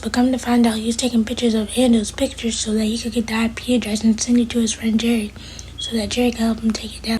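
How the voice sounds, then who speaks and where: A woman's voice: a little high, darkish tone, husky. A woman giving a chatty, slangy recap of a TV episode, talking straight to her viewers. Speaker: TV episode reviewer.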